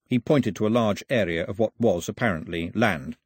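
A man narrating an audiobook as a lively storyteller, in a husky voice, recorded on a close studio mic. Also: fairly low pitch, moderate pace, no room sound. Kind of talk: scripted narration.

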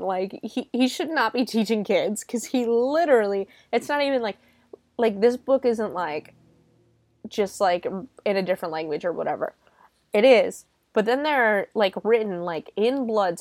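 A woman's voice: medium pitch, expressive, a little slow, a little mellow, no room sound, clean studio sound. A woman hosting a podcast, talking casually and animatedly, full of sarcasm, swearing and "like" fillers. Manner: lots of "like" fillers. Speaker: podcast host reviewing a film. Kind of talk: casual chat.

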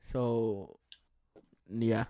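A man's voice: lowish voice, steady tone, very slow, dark tone, no echo. A young man co-hosting a casual podcast, teasing and questioning his friend and swearing often. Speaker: podcast co-host.

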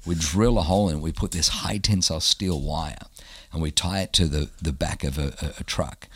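A man's voice: very deep voice, a little fast, breathy edge, no room sound. A man, a pastor telling stories as a guest in an interview and acting out what other people said. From Australia. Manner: animated storyteller who acts out the quotes of others. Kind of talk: storytelling in a casual interview.

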